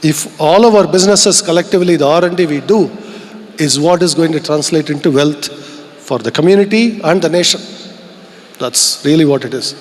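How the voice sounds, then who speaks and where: A man's voice: fairly high pitch, a little fast. Indian man giving a keynote in a reverberant hall. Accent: Indian English. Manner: earnest, reflective, rhetorical questions. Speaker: keynote speaker. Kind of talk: conference keynote speech. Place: large event hall. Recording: long reverb of a large hall.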